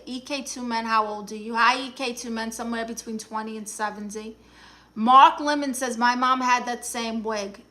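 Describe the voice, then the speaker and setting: A woman playing a brassy, sassy aunt from Brooklyn who poses as a therapist, with a New York accent, firing back quick comebacks as she reads viewer comments aloud on a phone live stream. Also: a little high, pushed and bright. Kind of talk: comedic improvised live stream.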